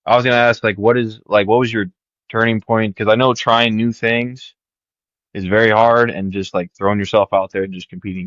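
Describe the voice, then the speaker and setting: A man co-hosts a casual podcast in a lowish voice. He talks in a loose, hesitant way, circling through fillers before he lands his point. His mic sounds dull and slightly muffled, close and dry. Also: no echo. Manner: relaxed, halting, many fillers. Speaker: podcast co-host.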